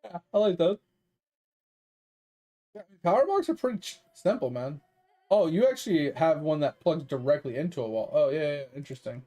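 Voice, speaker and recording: A man's voice: a little high, lively intonation, fairly quick, long pauses, warm tone. A man streaming games, ranting casually and profanely to his chat. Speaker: game streamer.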